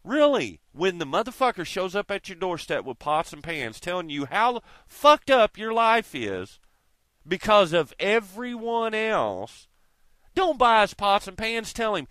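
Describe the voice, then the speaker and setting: A man with a high, swooping voice rants straight into the mic, swearing at every turn and hammering the same points again and again. The sound is close and dry, with no room around it. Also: sing-song, measured pace, a bit bright, no echo. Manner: emphatic, swears constantly, repeats himself. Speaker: video blogger. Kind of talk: profane ranting monologue.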